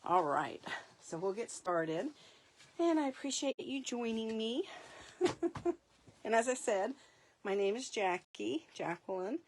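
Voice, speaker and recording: A woman's voice: fairly high pitch, animated, unhurried, long pauses, a little hiss or hum. A middle-aged woman hosting a live paper craft demonstration, chatty, laughing often and correcting herself mid-sentence.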